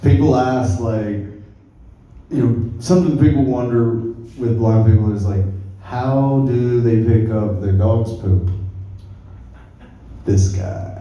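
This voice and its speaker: A young man doing a stand-up comedy set, telling stories in a laid-back, deadpan way. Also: mid-range voice, slow pace, pauses often, dull audio, slight background noise. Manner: laid-back, deadpan storytelling with crowd laughter. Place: comedy club stage. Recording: roomy club sound from far off. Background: audience laughter.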